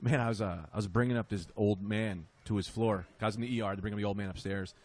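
A man telling comic stories as a podcast guest, a little buzzed, bursting into loud high voices to act out the people in his stories. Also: steady tone, fast. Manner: acts out characters with loud high-pitched outbursts. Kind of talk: animated comedic storytelling.

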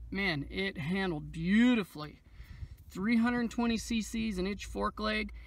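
A man with a high, fairly bright voice hosts his own motorcycle channel. He talks casually through a how-to, adding chatty, joking asides. The mic is distant and echoey, with faint noise.

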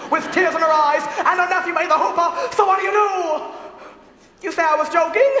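A young man playing a shy musical fan who talks to the audience in a halting, stammering monologue. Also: extremely high pitch, fairly bright tone. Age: young adult. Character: shy, rambling male musical fan narrating. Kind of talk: stage monologue. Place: school theatre stage. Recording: echoey theatre hall.

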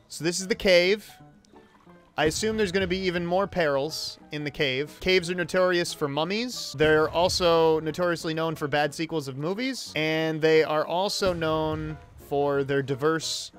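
A man reviewing a video game with jokey, excitable commentary and sudden exclamations. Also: on the high side. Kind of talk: comedic gameplay commentary.

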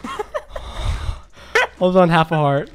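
A young man hosting a gaming video, giving excitable live commentary and raging at other players. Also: fairly high pitch, no echo. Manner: excitable, quick to rage and yell.

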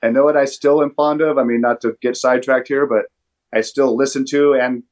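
A man in his fifties, a guest in casual chat, laid-back and halting with many restarts. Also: medium pitch, steady tone, darkish tone. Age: 50s. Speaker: guest, former tour crew.

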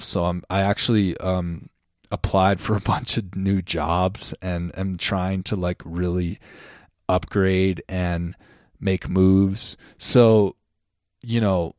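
A male podcast host with a low voice gives a casual forecast at an unhurried pace, close to the mic in a dry, dead room. He talks loosely, with many ums and restarts, and sounds a little out of breath. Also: no room sound. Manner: loose and chatty, with frequent ums and self-corrections.

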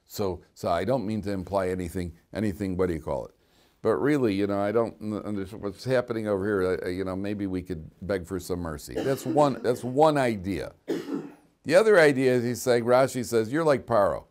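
In a study hall classroom, a rabbi with a lowish voice talks a little fast while teaching the weekly Torah portion. His humorous lecture has him reading Hebrew verses, translating them, and adding animated, joking asides.

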